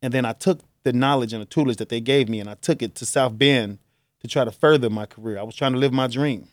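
A man's voice: mid-range voice, quick pace, no echo, studio quality. A middle-aged man from Chicago, a radio host delivering an earnest, grieving talk-show monologue that rambles with restarts. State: choked up.

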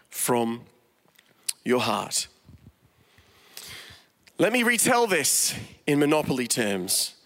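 High-voiced, animated preacher, lively storyteller reading scripture; reverberant hall. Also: male voice. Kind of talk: online sermon with Bible reading.

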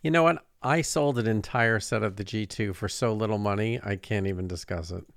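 A man's voice: lowish voice, brisk, vocal fry, no room sound, clean studio sound. A man co-hosting a podcast, teasing and reacting with short casual interjections. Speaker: podcast co-host. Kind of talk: casual chat.

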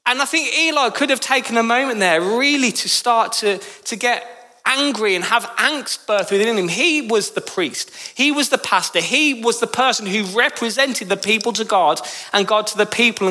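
A male pastor with a Birmingham accent preaches in church, telling stories and stressing key lines. His voice is high and bright, with a lot of energy. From Birmingham, England. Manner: emphatic storytelling with rising pitch on key phrases. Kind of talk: sermon.

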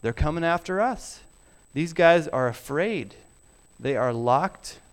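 A middle-aged man preaching a sermon, emphatic and deliberate, sometimes dropping his voice very low. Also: expressive, smooth. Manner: slow, emphatic preaching with soft drops to near whisper. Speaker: pastor.

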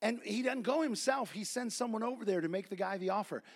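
A man preaching a sermon, telling folksy stories and building to repeated, shouted refrains. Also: sits high, fast. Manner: folksy storytelling.

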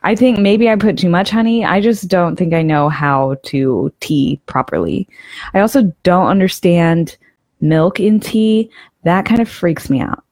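Low-voiced chatty woman co-host. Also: expressive, unhurried, darkish tone, no room sound. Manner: chatty, self-deprecating, laughing. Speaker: podcast co-host. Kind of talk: casual podcast chat.

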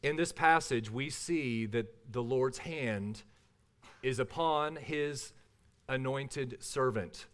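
A pastor with a mid-range voice reads a passage of scripture aloud, then starts into his sermon, moving at a measured, deliberate pace.

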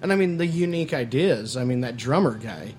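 Relaxed man, hedging speech. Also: medium pitch, fairly quick, slight background noise. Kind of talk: casual chat.

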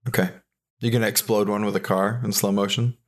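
Hosting a comedy podcast, a man speaks in a somewhat low register at a slightly quick pace. His questions come out dry and quizzical, and he recaps the gag with deadpan timing amid easygoing banter.

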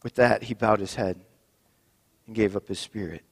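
A man leading a communion service as pastor, reading Scripture and praying in a measured, solemn way. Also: lowish voice, steady tone, vocal fry, slightly rough. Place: church sanctuary. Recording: long reverb in a church.

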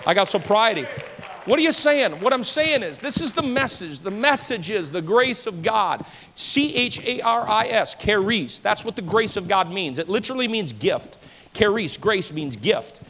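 A man preaching a sermon as pastor, emphatic and repetitive, swinging between loud declarations and hushed asides. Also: high voice, very animated, normal speed, slight background noise. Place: church sanctuary. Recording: long church-hall reverb.

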